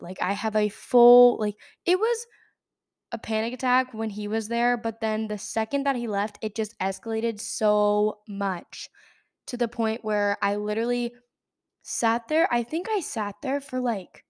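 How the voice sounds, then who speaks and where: Young woman podcast host rambling thru a story, kinda high voice, tons of "like"s and restarts. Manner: rambling, filler-heavy, restarts often. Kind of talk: casual storytelling.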